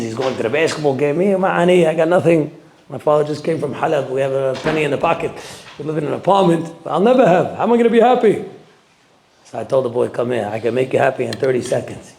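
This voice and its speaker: A man giving a sermon as a rabbi, animated, swinging between loud emphasis and quiet asides. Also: medium pitch, gravelly, roomy sound. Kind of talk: sermon with storytelling.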